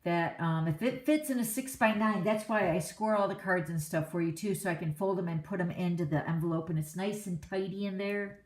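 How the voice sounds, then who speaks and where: A woman's voice: lowish voice, brisk, hardly any pauses, darkish tone. A middle-aged woman hosting a card-making class, chatting in a rambling, casual way and laughing often. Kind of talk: casual chat during a live stream. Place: home craft classroom. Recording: echoey room.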